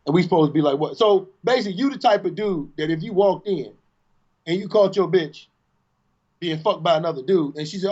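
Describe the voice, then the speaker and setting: A man's voice: high-pitched, fairly quick, a little mellow, breathy edge. A man co-hosting a podcast in casual chat, mocking and playful. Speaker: podcast co-host. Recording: dull lo-fi audio.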